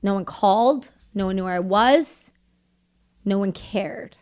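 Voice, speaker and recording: A woman's voice: mid-range voice, a little mellow, clean tone. A woman from Canada, a combat veteran, telling her story as a podcast guest in candid, earnest conversation. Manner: earnest, tells her story in quick bursts of remembered dialogue.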